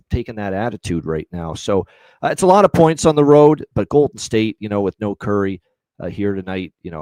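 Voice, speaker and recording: A man co-hosting a casual sports betting show who talks in a rambling way with lots of filler phrases and gets loud and profane when he signs off. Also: lowish voice, no room sound, rough recording. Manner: profane hype in sign-offs. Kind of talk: casual betting talk on a livestream.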